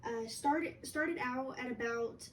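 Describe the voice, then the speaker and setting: A young woman explaining a flute part in a casual, halting way with many fillers. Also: high-pitched. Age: young adult. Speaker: flute teacher. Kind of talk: instructional music lesson. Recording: distant mic with faint background noise.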